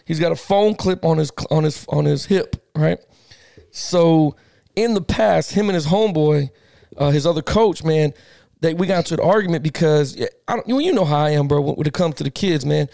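A middle-aged man with a high, gravelly voice tells a story in a fired-up podcast chat. He keeps circling back in slang and laughs often. His voice is recorded dry and close. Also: brisk, mellow, dry recording. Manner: slangy, repeats himself. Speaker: podcast co-host. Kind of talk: casual sports podcast chat.

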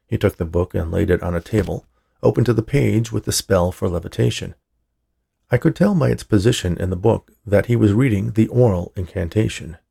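A man reading a story aloud in a dry, measured narrating manner. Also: fairly low pitch, gravelly, mellow, breathy edge. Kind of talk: scripted narration.

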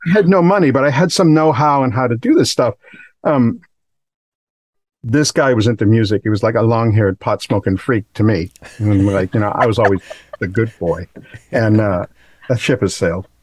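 A man's voice: on the low side, moderate pace, no room sound. Dry-miked self-deprecating middle-aged man. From Massachusetts, USA. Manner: rambling, self-deprecating, restarts and fillers. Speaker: guest, recording engineer. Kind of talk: casual podcast interview storytelling.

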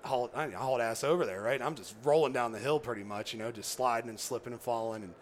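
A man's voice: mid-range voice, fast talker, slight background noise. A man casually telling a long story as a podcast guest, rambling with lots of "you know" and "right?", and acting out what others said. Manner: animated, acts out quoted dialogue.

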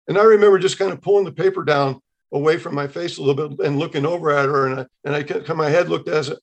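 A man in his sixties, a podcast guest, telling a personal faith testimony in an animated way, acting out the dialogue he quotes. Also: a little high, fast talker, creaky, few pauses.

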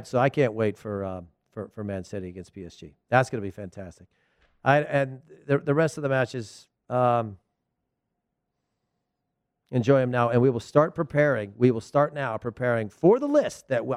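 A man's voice: medium pitch, no room sound. A middle-aged man hosting a soccer show, giving a casual, rambling opinion monologue from a studio. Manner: animated, rambling, frequent restarts.

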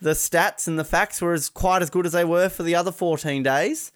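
A man's voice: fairly even intonation, fairly quick. A man hosting a casual video-call chat show, joking and laughing as he talks. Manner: jokey, laughs often, mimics people in high voices. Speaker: podcast host.

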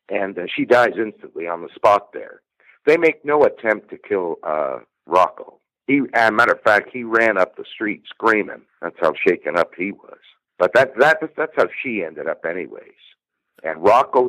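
A man's voice: low voice, fairly bright tone, dry recording, low-quality recording. A man telling the story of an old murder as a podcast guest, rambling with fillers and restarts. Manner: rambling, repeats words and restarts, many uh fillers. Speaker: guest true-crime researcher.

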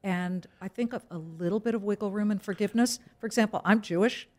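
A middle-aged woman, a news anchor, speaking as an interview guest in an emphatic, quick-witted way. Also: mid-range voice, a little mellow. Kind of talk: conversational interview.

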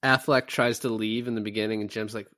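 A man's voice: lowish voice, brisk, no room sound, clean studio sound. A man co-hosting a film review podcast, chatting casually and acting out movie lines with energy. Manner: animated, acts out movie lines. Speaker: podcast co-host.

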